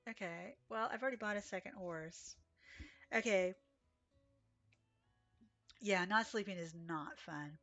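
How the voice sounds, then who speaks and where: A woman's voice: mid-range voice, measured pace, pauses often, fairly bright tone, faint music behind. Sleepy chatty woman game streamer. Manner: chatty, reads chat aloud, gasps and exclaims. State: sleepy, yawning. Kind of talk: casual live-stream chat.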